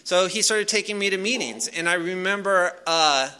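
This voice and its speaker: A man's voice: sits high, normal speed, pushed and bright, clean tone. A man casually telling a personal story to a live audience. He rambles loosely, with many fillers and restarts. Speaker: speaker sharing a recovery story.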